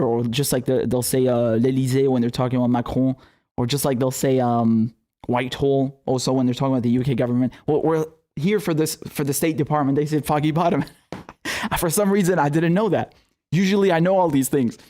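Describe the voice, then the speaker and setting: A young man with a medium-pitched, dark-toned voice hosts a political commentary show. He talks casually, breaking into heated, profane, sarcastic outbursts and laughing asides.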